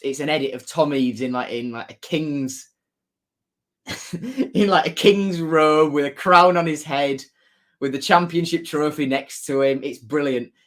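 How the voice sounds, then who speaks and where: A chatty man talks casually on a live stream, reading viewer comments aloud. His voice sits a little high for a man. He laughs easily and tends to say things twice. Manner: chatty, laughs often, repeats his phrases. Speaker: football fan streamer.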